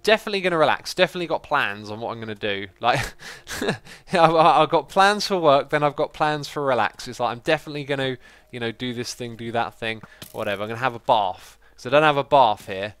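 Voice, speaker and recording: A man chatting casually as he streams a game, excitable and quick to laugh. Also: medium pitch, smooth, dry recording. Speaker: livestreaming gamer. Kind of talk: casual gameplay commentary.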